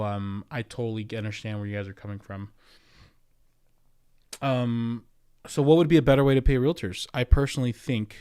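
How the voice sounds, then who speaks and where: An American man in his thirties, a real estate agent, hosts a casual livestream and rambles through viewer comments, answering chat with plenty of fillers. His voice is lowish, a little mellow and smooth.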